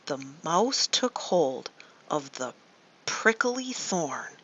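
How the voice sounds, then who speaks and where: A woman narrates a calming bedtime-style story for kids at an extremely unhurried pace, her voice airy and a little breathy. Her pitch sits on the lower side yet swoops expressively as she coaxes young listeners. The recording sounds somewhat dull and lo-fi. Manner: slow and soothing, asks the listener questions. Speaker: children's storyteller. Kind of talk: guided story meditation for kids.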